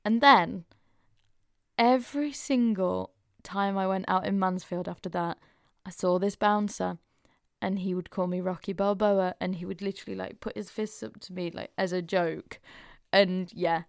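A woman's voice: mid-range voice, fairly even intonation, normal speed, gravelly, clear, resonant tone, no room sound, studio quality. A young woman hosting a podcast, chatting frankly and openly with lots of casual fillers. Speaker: podcast host. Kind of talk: casual confessional chat.

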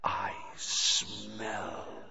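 A man voicing a cold, murderous unseen monster in a low hissing whisper. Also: monotone, drawn-out words, creaky, sharp tone, exaggerated voice. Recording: dry, slightly dull recording.

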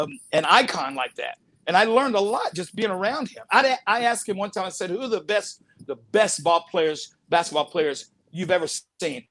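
A man's voice: high-pitched, fairly bright tone, no room sound. A man, an actor being interviewed, telling stories in a casual chat. He laughs often and acts out the people he quotes. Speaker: actor guest.

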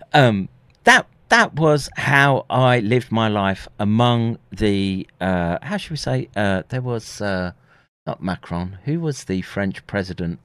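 A man's voice: fairly low pitch, dry recording, studio quality. A middle-aged man live streaming, telling a story in casual, rambling speech full of swearing and restarts. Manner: profane, rambling, many restarts.

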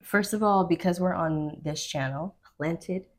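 Upbeat woman hosting a chat, lower voice. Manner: upbeat, affirming, quick interjections. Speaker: podcast host. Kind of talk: casual chat.

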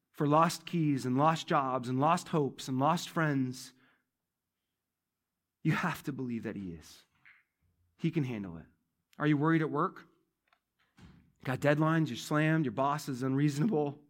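A male pastor giving a sermon in a church, talking conversationally, repeating key phrases and swinging between loud emphasis and quiet asides. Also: a little high.

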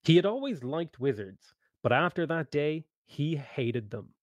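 A man narrating a tabletop game story over an online voice call, reading steadily and now and then clearing his throat. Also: a little high, big pitch swings, measured pace, dry recording.

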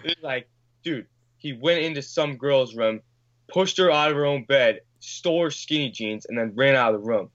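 A man's voice: mid-range voice, normal speed, a bit bright, muffled recording. Male guest, casual storyteller; loose, filler-heavy, profane delivery. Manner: rambling, filler-heavy, swears, acts out quotes. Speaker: podcast guest.

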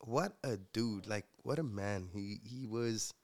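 Gravelly low-voiced man. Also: takes it slowly. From South Africa. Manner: earnest, reflective, with many fillers. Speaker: guest and future co-host. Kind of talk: casual interview storytelling.

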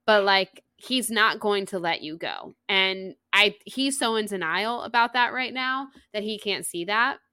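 A woman co-hosting a casual book-club podcast, chatty and animated with quick asides. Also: medium pitch, clear, resonant tone, no room sound, studio quality. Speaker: podcast co-host.

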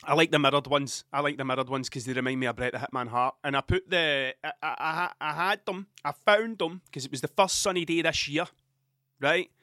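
A Scottish man in his thirties talks into a close microphone in a dry, non-reverberant space. His voice sits a little high and sounds bright and forceful. He rambles, swears often and restarts his sentences. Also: a little fast. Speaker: podcast host. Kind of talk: casual storytelling monologue.

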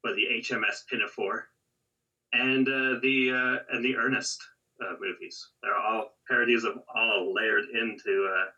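A man's voice: on the low side, steady tone, unhurried, bright, forceful tone, slightly rough, distant mic, lo-fi sound. A man co-hosting a podcast in casual chat, hesitant with many fillers. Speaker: podcast co-host.

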